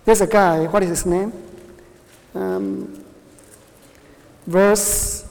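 A woman's voice: fairly low pitch, steady tone, darkish tone. A woman whose first language is Chinese, teaching a Bible class by quizzing her students, with frequent restarts and short laughs. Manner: questions the class often, halting restarts, laughs. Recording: reverberant hall.

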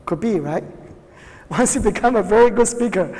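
A woman's voice: on the low side, gravelly, warm tone. A woman whose first language is Chinese, teaching a Bible class by quizzing her students, with frequent restarts and short laughs. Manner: questions the class often, halting restarts, laughs. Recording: reverberant hall.

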